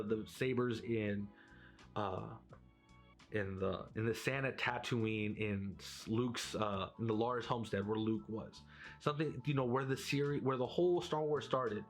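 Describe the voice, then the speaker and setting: Rambling, animated man in casual chat. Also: medium pitch, moderate pace, faint music behind. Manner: rambling and animated, full of filler words. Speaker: video creator.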